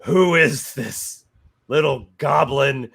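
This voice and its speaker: A man voicing an ancient storm god who speaks with booming scorn in a tabletop game. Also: slow pace, creaky, fairly bright tone, slightly rough, exaggerated voice. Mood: booming scornful.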